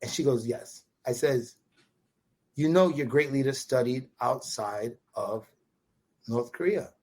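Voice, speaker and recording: A man from Brooklyn with a New York accent, a podcast guest telling a story in an animated, casual way and often tagging his sentences with "right?". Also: medium pitch, slow pace. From Brooklyn, USA. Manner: animated, repetitive restarts, quotes dialogue with "right?" tags.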